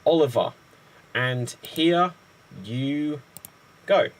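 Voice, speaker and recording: A man hosting an online improv show, briskly setting up games. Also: a little high. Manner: brisk, playful quizmaster. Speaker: improv host.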